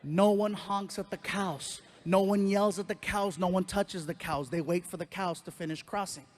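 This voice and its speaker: Animated high-voiced stand-up comedian. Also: male voice, moderate pace. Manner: animated storyteller, acts out voices and sound effects. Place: live comedy stage.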